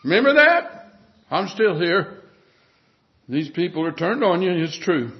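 High-pitched preacher guy giving a sermon, punchy then going quiet, muffled old recording. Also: unhurried. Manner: emphatic preaching that drops to hushed tones.

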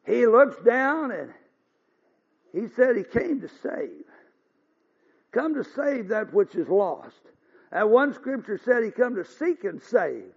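A man's voice: extremely high pitch, sing-song, takes it slowly, vocal fry, pauses often, slightly rough. An older man preaching a revival sermon as pastor, folksy and earnest, building to fervent exhortations. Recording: dull lo-fi recording.

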